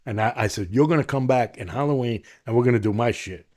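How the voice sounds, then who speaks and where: A man's voice: mid-range voice, fast. A middle-aged man from Long Island with a New York accent, telling his story as a podcast guest and acting out the voices of the people in it. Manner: animated, acts out quoted voices in his story. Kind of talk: storytelling in an interview.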